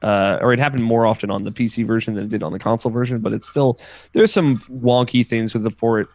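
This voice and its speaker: A man co-hosting a casual podcast chat, talking in a relaxed, rambling way with plenty of fillers. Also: medium pitch, fast talker. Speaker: podcast co-host.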